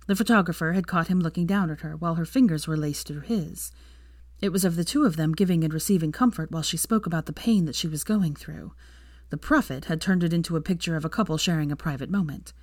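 A woman narrating a fanfiction audiobook with a steady, measured reading. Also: deep voice, no echo, clean studio sound. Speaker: fanfiction reader.

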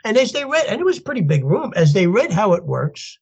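An older man, a podcast guest telling his story in an animated way and laughing as he goes. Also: high-pitched, a little fast, creaky, slightly rough, highs cut off. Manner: animated, laughs as he tells stories, acts out voices in quotes. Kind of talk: storytelling interview.

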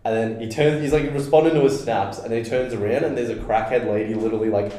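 A young man tells a story to friends in an animated way, slipping into the voices of the people in it. His voice is of middle pitch. It rings loudly around a very echoey room. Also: quick pace. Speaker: podcast co-host. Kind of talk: casual chat among friends.

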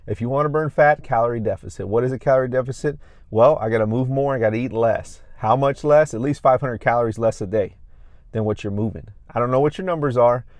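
A man's voice: medium pitch, quick pace, a little mellow, no room sound. Emphatic male fitness coach, dry sound. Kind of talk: casual fitness tips monologue.

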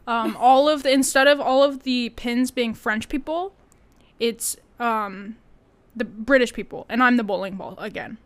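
Young woman podcaster, high voice, dry playful humor. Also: a little slow. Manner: deadpan, playful jokes. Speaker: podcast co-host. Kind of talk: casual chat.

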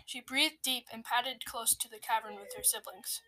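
A woman reading a children's storybook aloud, measured and expressive, sometimes dropping to a hush. Her voice is a little high. The sound is close and dry. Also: dry recording. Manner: expressive, measured, dips into hushed tones. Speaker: storybook reader. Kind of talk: scripted narration of a children's story.

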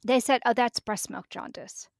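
A woman's voice: on the high side, normal speed, vocal fry, dry recording, studio quality. A middle-aged woman, a podcast guest, telling a personal story vividly and acting out the dialogue.

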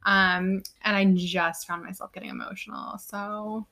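Earnest young woman, mid pitch. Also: wildly swooping pitch, unhurried, creaky, pushed and bright. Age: 20s. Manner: earnest, emotional, heartfelt. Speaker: podcast co-host. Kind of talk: casual chat.

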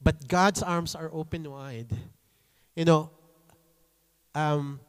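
A man delivers a sermon in a slightly high voice. He speaks slowly and with weight, drops Tagalog phrases into his English, and leans hard on his key lines. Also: steady tone, clear, resonant tone. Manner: slow, emphatic preaching that mixes in Tagalog phrases; voices pleading children in a high voice. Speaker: preacher.

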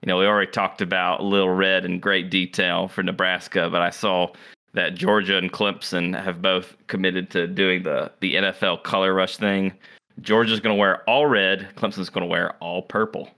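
A man with a very low, gravelly voice that still has a bright edge. He chats about college football in a loose, joking way, chuckling between points. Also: flat delivery, normal speed. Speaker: podcast co-host. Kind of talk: casual sports chat.

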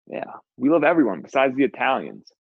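A man's voice: mid-range voice, very animated, a little fast, creaky, husky, no room sound. A man co-hosting a podcast in casual chat, laid-back and joking, saying "dude" a lot, on dull lo-fi audio. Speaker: podcast co-host.

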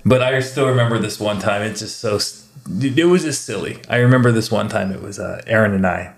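Man, casual chat, animated storyteller, gravelly voice, echoey room. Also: lowish voice, brisk. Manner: animated storyteller, slips into mimicked accents.

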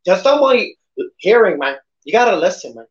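A man puts on a tough, swaggering gangster impression with a slight lisp, tacking "man" onto nearly every phrase. His voice is high and very animated at a moderate pace, with a roomy sound and dull lo-fi podcast audio.

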